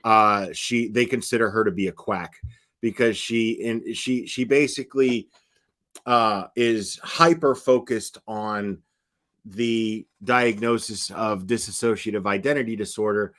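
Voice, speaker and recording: A man's voice: fairly low pitch, fairly even intonation, a little slow, fairly bright tone. A man doing casual live-stream commentary, talking bluntly and with scorn, full of fillers and restarts.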